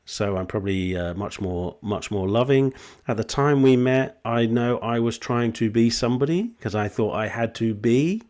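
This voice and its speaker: A man hosting a podcast, talking reflectively and haltingly, with soft laughs between his thoughts. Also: mid-range voice. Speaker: podcast host. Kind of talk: conversational interview.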